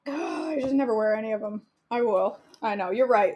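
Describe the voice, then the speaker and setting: A woman's voice: a little high, animated, moderate pace, warm tone, a little hiss or hum. A woman, chatting and joking to herself while she cooks for her vlog. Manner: giggly, joking, talks to herself. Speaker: cooking vlogger. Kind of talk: casual chat while cooking.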